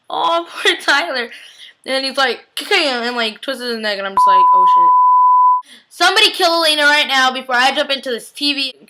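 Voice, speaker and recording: A woman's voice: fairly high pitch, sharp tone, low-quality recording. A young woman giving a casual, chatty TV episode recap, gushing and peppering her talk with "like". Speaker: TV recap vlogger.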